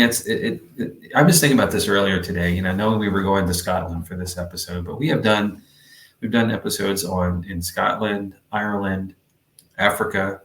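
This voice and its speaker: A man's voice: low voice, a bit bright, roomy sound. A man co-hosting a podcast in meandering, chatty conversation, full of fillers. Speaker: podcast co-host. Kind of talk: casual podcast chat.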